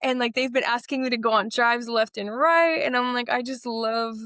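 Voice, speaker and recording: A young adult woman, an interview guest, telling stories in a lively casual way and acting out what people said. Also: a little high, moderate pace, dry recording, studio quality. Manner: animated, acts out quotes with laughs.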